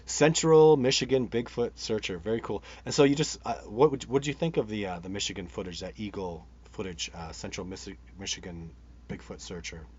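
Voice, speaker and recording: Rambling, enthusiastic man with a low voice. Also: fairly quick, a little mellow, slightly rough. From Canada. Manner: rambling and enthusiastic, many restarts. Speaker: host of a live Bigfoot show. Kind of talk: live-stream chat answering viewer comments. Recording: dull sound with faint background noise.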